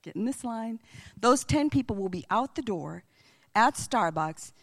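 A woman's voice: fairly high pitch, expressive, a little slow. A middle-aged woman sharing a faith testimony in a chatty, earnest storytelling style. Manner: chatty, acts out quoted voices in dialogue. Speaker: Christian speaker.

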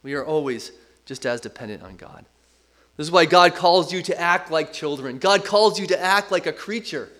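Middle-aged guy preaching a sermon, high voice, earnest, repeats himself for emphasis. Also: expressive, moderate pace, bright, forceful tone. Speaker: pastor.

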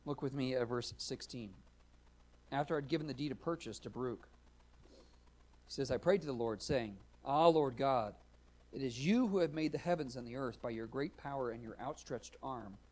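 A male pastor preaching a sermon, earnest and explanatory, rising to loud emphatic readings of scripture. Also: medium pitch, moderate pace.

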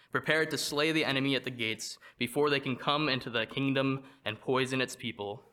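A man preaching a sermon, reading from a prepared text in a measured way and slowing down to stress quoted verses. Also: mid-range voice, pushed and bright, smooth. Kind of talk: read sermon.

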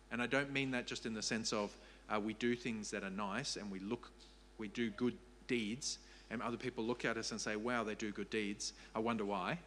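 A man's voice: medium pitch, pushed and bright, slight background noise. A man preaching a sermon as pastor, earnest and repeating key phrases for emphasis.

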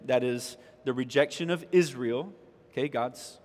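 In a church sanctuary, a pastor with a medium-pitched, animated, unhurried voice preaches a conversational sermon and reads scripture, raising his voice for emphasis. The hall's long reverb fills the recording.

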